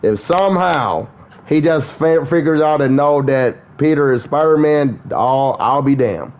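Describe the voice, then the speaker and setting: A gaming streamer chats loosely with his audience. His voice sits a little high and he talks at a slow, drawn-out pace. He gets worked up, swears a lot and breaks into laughter. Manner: excitable and profane, laughs often. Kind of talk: casual livestream chat.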